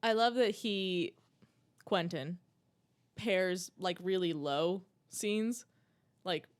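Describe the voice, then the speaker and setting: A woman's voice: fairly low pitch, drawn-out words. A woman co-hosting a movie podcast in casual chat, talking enthusiastically with lots of "like" and laughter. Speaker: podcast co-host.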